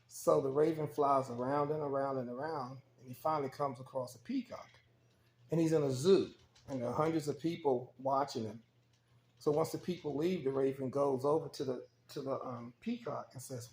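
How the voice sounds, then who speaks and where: A man casually telling a parable out loud, relaxed and loose with his words. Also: mid-range voice, moderate pace. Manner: relaxed, loose with fillers and repeats. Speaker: storyteller. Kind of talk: casual spoken storytelling. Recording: roomy echo, faint background hum.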